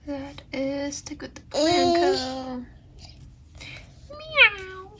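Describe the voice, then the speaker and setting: A woman's voice: a little high, unhurried, slightly rough. A woman chatting casually as she narrates a plan-with-me video and talks to her baby now and then. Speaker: planner vlogger.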